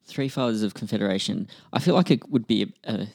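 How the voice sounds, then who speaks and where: A low-voiced man with a gravelly, creaky edge works through quiz questions out loud, half-muttering and cursing under his breath. The sound is dry and close, with no room echo. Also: fast. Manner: muttering, swears, thinks aloud. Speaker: quiz contestant, co-host. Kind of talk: casual chat.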